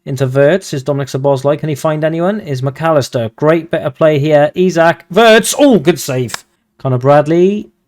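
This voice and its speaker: A man giving casual, excitable commentary over a football management game, swearing when he gets frustrated. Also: a little high, normal speed. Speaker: video game streamer.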